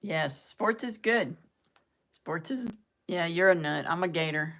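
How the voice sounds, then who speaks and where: Older woman, low pitch, rambling casual live-chat host who laughs at her own jokes. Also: a little slow, fairly bright tone. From southern United States. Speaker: live-stream host chatting with viewers.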